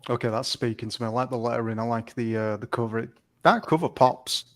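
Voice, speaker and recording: A man's voice: medium pitch, steady tone, fast talker. A man in his thirties co-hosting a casual chat, with a dry, sarcastic delivery.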